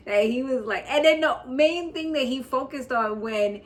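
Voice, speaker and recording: A woman's voice: fairly high pitch, lively intonation, measured pace, few pauses. A New York woman casually recapping a TV episode, laughing often and acting out the characters' lines. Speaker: recap vlogger.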